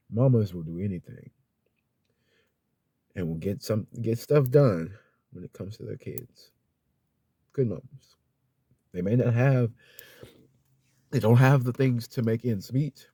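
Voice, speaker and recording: A young man shares a personal story on his vlog, sincerely rambling with many fillers and restarts, occasionally close to crying. His voice is on the low side, dark with a breathy edge, and there's no room sound.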